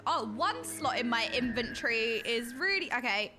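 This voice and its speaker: A young woman streaming a game, reacting to the story in an animated, exclaiming way. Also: on the high side, normal speed, music in the background. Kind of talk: casual live game commentary.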